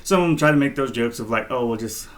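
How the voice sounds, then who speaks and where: A man co-hosting a podcast, telling stories in a relaxed, rambling way with lots of fillers. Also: mid-range voice, fast talker. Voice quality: laid-back, rambling with many fillers. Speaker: podcast co-host. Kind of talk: casual storytelling chat.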